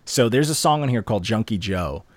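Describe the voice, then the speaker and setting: A young man with a fairly low voice talks about music in a casual podcast chat. He rants with animated, profane energy. His voice sounds close and dry. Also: fairly quick, no room sound. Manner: animated, profane, fired-up ranting. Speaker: podcast host reviewing rap albums.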